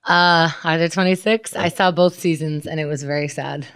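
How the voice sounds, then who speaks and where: A woman with a slightly low voice, giggly and eager, talking loosely with friends. The sound is dry and close. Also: steady tone, moderate pace, fairly bright tone, smooth, no echo. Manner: giggly, enthusiastic fan gushing. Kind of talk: casual comedic chat.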